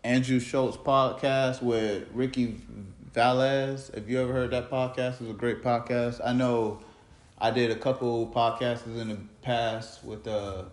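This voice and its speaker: A man's voice: mid-range voice, level tone, measured pace. A man hosting his own podcast, telling a loose, rambling story full of slang and restarts. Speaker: podcast host. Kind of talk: rambling casual monologue. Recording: roomy echoey room.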